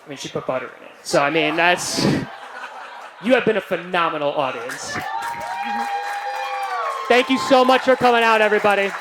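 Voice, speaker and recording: A young male comedian working a club crowd through a handheld stage mic. His voice sits a bit high for a man, and he keeps checking in with "right?". The sound is roomy, with a faint hum of the venue behind him. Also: normal speed, pauses often. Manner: animated, keeps asking "right?", jokey self-praise. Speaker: stand-up comedian. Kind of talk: stand-up comedy set.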